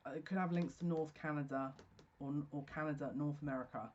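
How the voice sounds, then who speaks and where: A speaker giving a solo psychic reading, talking slowly and haltingly as if receiving messages. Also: mid-range voice, steady tone, dull audio, slight background noise. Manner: slow, searching, stop-start channeling talk. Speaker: psychic tarot reader. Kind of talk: solo general reading to camera.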